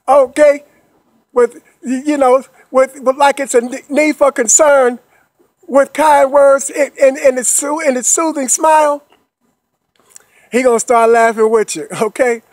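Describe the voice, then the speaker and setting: A man's voice: very high voice, steady tone, a little slow, a little mellow, no room sound. A man giving an upbeat motivational monologue. He talks in a repetitive, coaxing way, checks in with listeners after almost every phrase, and laughs playfully between points. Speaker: motivational speaker.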